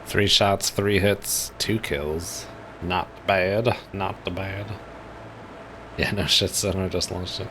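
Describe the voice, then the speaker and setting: Deep-voiced laid-back game streamer. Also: male voice, steady tone, takes it slowly, noisy background. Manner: laid-back, musing aloud. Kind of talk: casual gameplay commentary.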